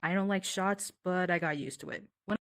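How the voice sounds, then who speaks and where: A woman's voice: on the low side, fairly even intonation, fairly quick, no room sound. A young adult woman rambling through a comedic monologue, full of fillers, mock exasperation and casual swearing. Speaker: comedy skit performer. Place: online virtual world session.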